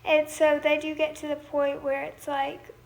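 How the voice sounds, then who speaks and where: A woman's voice: high-pitched, completely flat delivery, moderate pace. A young woman singer chatting casually on a livestream, thanking viewers and now and then singing lines from her song. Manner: chatty, reads viewer comments aloud and thanks them.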